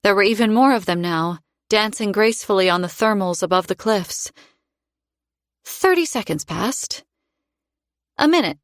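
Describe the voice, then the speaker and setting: A woman narrates a fantasy story in first person, in a middle-pitched voice with a measured, expressive delivery. The sound is dry and close, with no room around it. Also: dry recording. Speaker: audiobook narrator.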